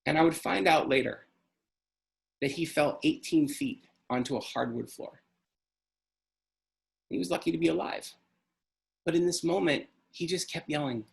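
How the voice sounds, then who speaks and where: Man, middle-aged, earnest, emotional, storytelling talk, slightly high voice. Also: vocal fry. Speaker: speaker.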